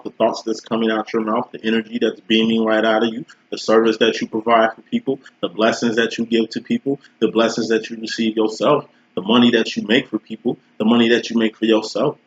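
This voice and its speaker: A man with a fairly low voice reads tarot cards in a loose, slangy, swearing, conversational way. His voice sounds roomy and dull, like a lo-fi home recording. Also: flat delivery, fairly quick, hardly any pauses. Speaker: tarot reader. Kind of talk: casual tarot reading.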